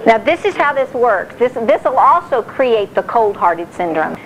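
A middle-aged woman giving a sermon-style talk on marriage, animated and acting out quotes. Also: on the high side, moderate pace, crowd noise, low-quality recording. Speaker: speaker on marriage.

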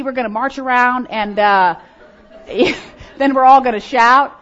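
A middle-aged woman preaching a sermon to women, swinging between loud emphatic lines and hushed, prayerful ones. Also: fairly high pitch, a little slow. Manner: preaching with strong rises and hushed prayerful drops. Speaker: speaker at a women's gathering. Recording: dull lo-fi recording.

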